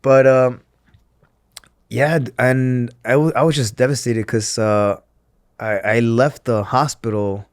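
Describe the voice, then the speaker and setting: A man of middle pitch tells his own story in a loose, emotional conversational way, stumbling over restarts and leaning on "like". He acts out what others said as he goes. The sound is dry and close, with no room echo. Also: steady tone, takes it slowly. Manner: emotional, filler-heavy with frequent restarts and acted-out quotes. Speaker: interview guest, former pro wrestler.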